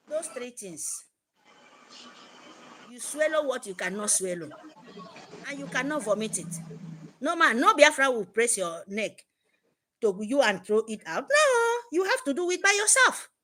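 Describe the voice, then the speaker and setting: A woman's voice: high voice, sharp tone. A woman with a Nigerian accent, giving an impassioned, repetitive address to her supporters. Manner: fervent, emphatic, repetitive. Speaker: activist speaker.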